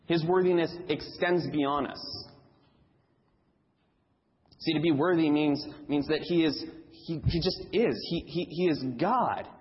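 A man's voice: a little high, unhurried, long reverb tail, lo-fi sound. A man preaching a sermon in a church, emphatic and repeating key phrases for stress.

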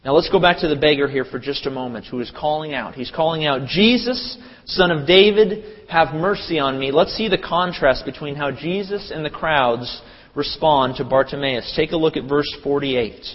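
Man preaching a lively sermon. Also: moderate pace. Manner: animated, acts out crowd voices with sudden loud high bursts. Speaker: pastor. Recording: dull lo-fi audio with long hall reverb.

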